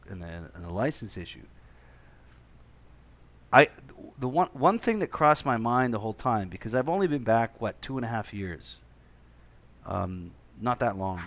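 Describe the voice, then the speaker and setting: A man's voice: mid-range voice, a bit bright. A man from Canada in casual chat, rambling and swearing with many restarts.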